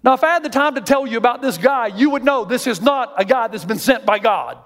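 Pastor, male, high voice, lively storytelling sermon, big echoing church. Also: fairly quick. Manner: animated, jokey storytelling, rising to near-shouts.

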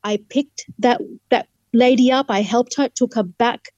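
A woman's voice: on the high side, moderate pace, darkish tone, dry recording, muffled recording. A middle-aged woman, a lawyer and interview guest, vividly telling a personal testimony and acting out what people said. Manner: vivid storyteller who acts out dialogue. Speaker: guest, human rights lawyer.

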